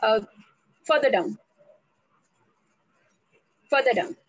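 A woman teaching on a video call, slow and deliberate, spelling out words letter by letter. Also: fairly high pitch, expressive, no echo, muffled recording. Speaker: English language trainer. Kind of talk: online speaking workshop.

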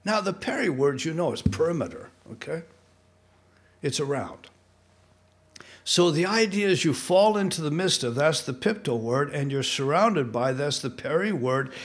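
A man from the United States preaching a sermon in a church, animated and pressing, rising loud on key points and asking the congregation questions. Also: on the high side, moderate pace. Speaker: pastor. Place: church sanctuary.

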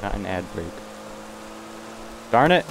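A man's voice: lowish voice, very animated, slow pace, noisy background. A young man casually live-streaming a game, joking with chat and bantering playfully with in-game characters.

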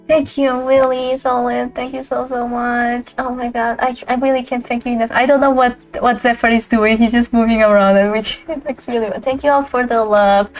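Gushing, high-voiced woman streamer. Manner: gushing, excitable, quick to laugh. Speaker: streamer host. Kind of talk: casual livestream chat. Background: faint lo-fi background music.

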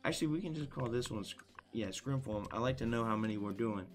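Over soft background music, a young adult livestreamer running viewer tournaments talks fast in an animated, mid-range voice. He's hyped and casual with chat, calling people by name, saying things twice and apologizing a lot.

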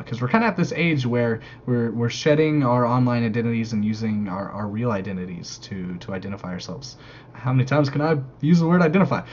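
A man hosts a casual podcast, upbeat and a little hesitant as he sets up topics. His sound is dull and lo-fi, with a faint hiss behind it. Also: medium pitch. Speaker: podcast host.

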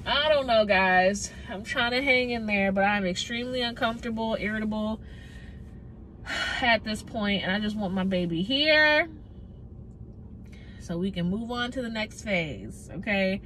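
A woman's voice: medium pitch, a little slow, fairly bright tone, slight background noise, low-quality recording. A young pregnant woman, chatting casually to her vlog camera, rambling and out of breath. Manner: chatty, rambling, laughs often. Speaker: vlogger.

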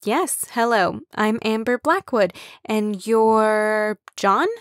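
A woman voicing a shy, awkward young woman who answers a bit too loudly, then plays along. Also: fairly high pitch, takes it slowly, no room sound, clean studio sound. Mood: playful.

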